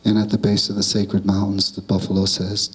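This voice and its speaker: A man telling a traditional animal tale aloud, calm and measured, with a repetitive cadence. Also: fairly low pitch, rough recording. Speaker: storyteller. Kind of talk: oral storytelling of a traditional tale.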